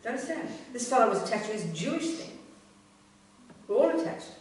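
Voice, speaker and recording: A woman's voice: fairly high pitch, lively intonation, a little fast, darkish tone. A Buddhist nun teaches in a blunt, earthy, emphatic manner. Her voice rings around a very echoey hall and is picked up from a distance, with faint noise underneath.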